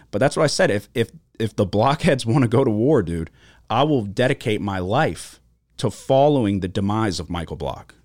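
A medium-pitched man, recorded with no echo, co-hosts a studio podcast. Swearing freely in casual conversation, he tells animated stories and performs the quoted voices himself.

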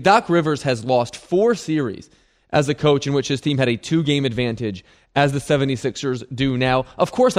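A man giving measured, analytical basketball commentary that leans on precise stats. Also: mid-range voice.

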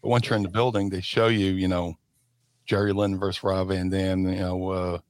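A middle-aged man, a former wrestler telling lively stories on a podcast and acting out voices. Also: deep voice, moderate pace, no room sound. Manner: animated, acts out voices and shouts in stories. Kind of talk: casual storytelling.

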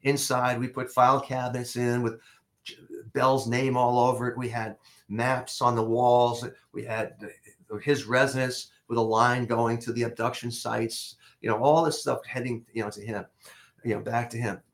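Older male interview guest, animated storyteller who stops and restarts a lot, middle-pitched conversational voice. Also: moderate pace. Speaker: interview guest, former investigator.

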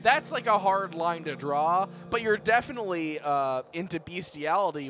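A man co-hosting a comedy podcast, fairly high and animated, stumbling over his words as he tries to explain. His tone swings around as he restarts each thought. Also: moderate pace. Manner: hesitant, stammering explanations. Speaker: podcast co-host. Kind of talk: improvised comedy banter.

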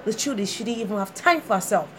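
A woman's voice: medium pitch, expressive, quick pace, fairly bright tone. A woman co-hosting a casual chat, jumping in and finishing the other speaker's sentences. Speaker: podcast co-host. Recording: faint background noise.

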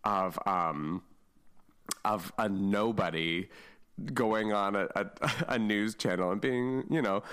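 A young man co-hosting a casual podcast with a bright, crisp voice that sits a little low. He is playful and bawdy and laughs often between his lines. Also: slow. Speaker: podcast co-host. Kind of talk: casual chat.

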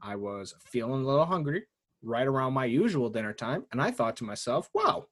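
A man hosting a casual sports podcast, talking in an animated way with frequent laughs and mock impressions. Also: mid-range voice, a little fast. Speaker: podcast host.

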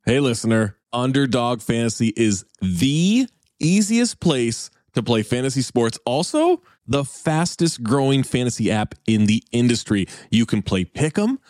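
A man's voice: lively intonation, a little slow, darkish tone, no echo, studio quality. Upbeat man reading a podcast ad. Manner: upbeat, emphatic sales pitch. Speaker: ad reader. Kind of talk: podcast ad read.

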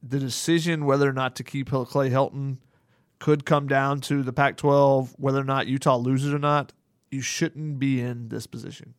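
A man's voice: mid-range voice, steady tone, moderate pace, smooth, no echo, clean studio sound. A man with a Southern American accent, co-hosting a casual sports podcast and breaking down the players with lots of "you know" fillers.

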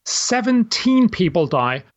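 A man's voice: sits high, big pitch swings, slow, highs cut off. A man, an author and guest, explaining his view at length with examples and imagined quotes in an interview. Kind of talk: interview answer.

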